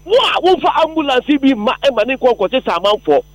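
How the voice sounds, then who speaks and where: A taxi driver from Ghana calls in to a radio show, sounding emphatic and argumentative. His voice is very high for a man and swings widely in pitch. The sound is close and dry. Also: sing-song, a little fast, no room sound, rough recording. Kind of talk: radio phone-in call.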